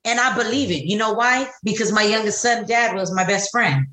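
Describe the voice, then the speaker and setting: A middle-aged woman co-hosts a podcast, chatting casually in a blunt, profane way and telling stories with lots of animation. Her voice sits at a medium pitch and moves at a normal speed, with a slight hiss or hum over an echoey room.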